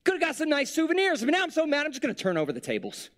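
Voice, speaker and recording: A man's voice: wildly swooping pitch, very fast, fairly bright tone, full character voice. A man voicing a whiny, exasperated male Jesus who rants and throws a tantrum. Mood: whiny, indignant. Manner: shrill, exasperated ranting.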